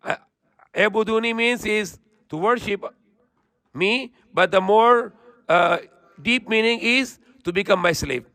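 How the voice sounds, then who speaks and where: Guy reciting verses fast then explaining them, high voice, dry close sound. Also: pushed and bright, no echo. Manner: recites verses quickly, then explains in slow plain English. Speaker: Islamic teacher. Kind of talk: Quran lesson with recitation and translation.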